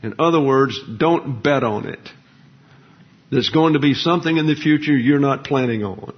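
A husky-voiced man gives a verse-by-verse Bible lesson from the pulpit, wandering into folksy asides. His voice sits at a middling pitch and comes through a dull, lo-fi recording. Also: moderate pace. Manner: digressive, folksy, explanatory, with frequent fillers. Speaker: pastor. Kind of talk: Bible teaching sermon.

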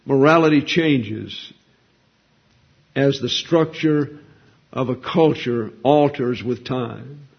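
A man's voice: mid-range voice, slow, creaky, long pauses, husky. A man preaching a sermon in a folksy, conversational way, asking rhetorical questions and answering them. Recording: dull lo-fi recording.

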